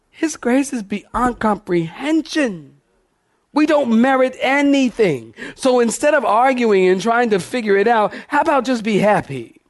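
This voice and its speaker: A man with a high-pitched voice preaching from a church pulpit. He is animated and lively, pushing the congregation for responses as he goes. The delivery is a full sermon. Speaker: pastor.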